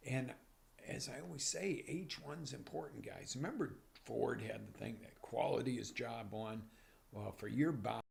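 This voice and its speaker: A man hosting a live motivational coaching show, talking with energy and swinging from near-whispers to loud bursts. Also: mid-range voice, moderate pace, vocal fry, a little hiss or hum. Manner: energetic, animated, drops to whispers then surges loud. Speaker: life coach and show host. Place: broadcast live on social media.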